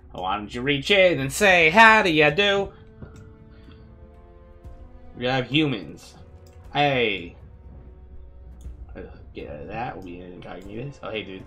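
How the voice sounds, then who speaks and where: A man's voice: mid-range voice, bright, forceful tone. A man hosting a casual let's-play, joking and talking to the characters on screen as he plays. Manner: playful, jokey, talks to game characters. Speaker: gaming video host.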